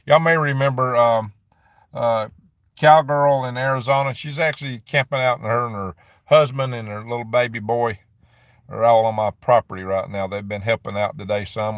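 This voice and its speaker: This livestream host, a middle-aged man in a dim room on his property, reads out viewer chat and rambles chattily, laughing quickly as he responds. His voice is medium in pitch with a fairly bright tone, captured in a dry, studio-quality recording.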